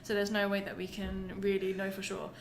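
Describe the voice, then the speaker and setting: A woman's voice: mid-range voice, completely flat delivery, a little hiss or hum. A woman co-hosting a casual science podcast, explaining a research paper and laughing often. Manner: explanatory, giggly, quick to laugh.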